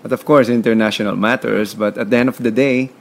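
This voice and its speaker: This Filipino podcast guest talks fast in a creaky, mid-range voice with fairly even intonation and a Filipino accent, with a little hiss or hum present. His conversational interview manner is emphatic and motivational, and he repeats words.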